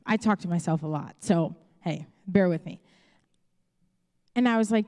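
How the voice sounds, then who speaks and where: Preaching in a frank, conversational style, a young Chicago-accented woman pastor acts out her asides as she goes. She has a lowish, darkish voice and a moderate pace. Her words echo with the long reverb of a church auditorium.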